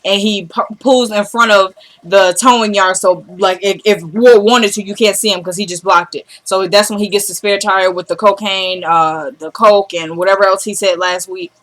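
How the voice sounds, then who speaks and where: A young woman vlogger recapping a TV episode in an excited, breathless way, talking to her viewers as y'all and acting out what the characters say. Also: mid-range voice, normal speed, few pauses. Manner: animated, breathless, addresses viewers as y'all, acts out character dialogue.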